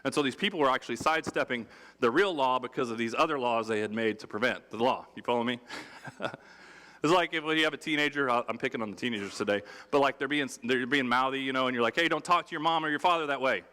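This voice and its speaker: A man preaching a sermon in a relaxed, conversational and humorous way, acting out quotes. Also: medium pitch, fast. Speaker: pastor. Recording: long hall reverb.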